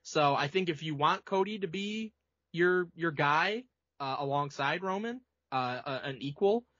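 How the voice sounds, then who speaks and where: Man just over being sick, measured. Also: fairly high pitch, expressive, bright, forceful tone, no echo. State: recovering from illness. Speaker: podcast co-host. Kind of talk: casual wrestling chat. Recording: dry, dull lo-fi audio.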